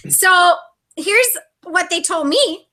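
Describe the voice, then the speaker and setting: A woman from Minnesota with a very high, bright voice, chatting as an interview guest. She tells stories in a lively way and laughs often. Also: slow. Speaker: reality show contestant guest. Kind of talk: casual interview chat.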